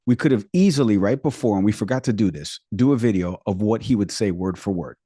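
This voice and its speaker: A man co-hosting a political chat podcast. His voice is low and mellow, recorded dry and close. He talks in brisk, emphatic bursts. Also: breathy edge, no room sound. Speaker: podcast co-host.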